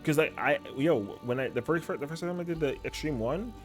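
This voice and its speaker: Young guy streaming, slangy and animated, faint music behind. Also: fairly high pitch, moderate pace. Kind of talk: casual chat.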